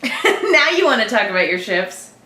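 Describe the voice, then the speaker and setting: A woman co-hosting a casual reaction chat, playful and quick to laugh. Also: on the high side, echoey room. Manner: laughs often, animated and playful. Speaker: reaction channel co-host.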